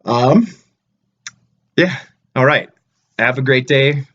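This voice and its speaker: A man's voice: mid-range voice, takes it slowly, fairly bright tone, muffled recording. A man talking casually to camera as a travel vlogger, blunt and ranting with plenty of swearing. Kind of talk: casual vlog chat to camera.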